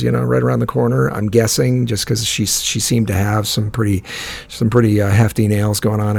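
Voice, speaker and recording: A man's voice: lowish voice, vocal fry, a little mellow, breathy edge. A man telling a long story in casual chat, swearing often and restarting his sentences. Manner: profane, rambling, many restarts. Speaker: podcast co-host telling a story.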